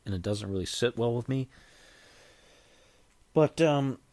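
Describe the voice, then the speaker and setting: A man's voice: mid-range voice, lively intonation, unhurried, dark tone, dry recording. A man hosting his own podcast, talking casually in a rambling way with frequent restarts. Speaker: podcast host. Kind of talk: casual solo podcast talk.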